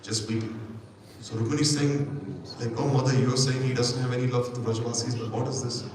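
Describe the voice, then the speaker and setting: A man's voice: medium pitch, fairly even intonation, quick pace, darkish tone, slight background noise. A man retelling a scripture story to an audience at a morning class, voicing the characters' words with rising emphasis. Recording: echoey hall, mic far off, audience.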